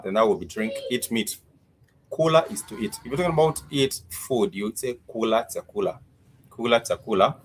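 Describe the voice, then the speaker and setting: A man teaching Swahili words in a live-streamed lesson, slowly repeating each word and its meaning, with many fillers. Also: on the low side, fairly bright tone, slight background noise.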